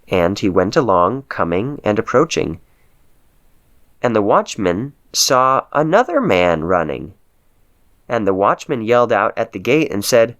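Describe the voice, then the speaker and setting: A man reading scripture aloud with steady, measured narration. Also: lowish voice. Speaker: Bible reader.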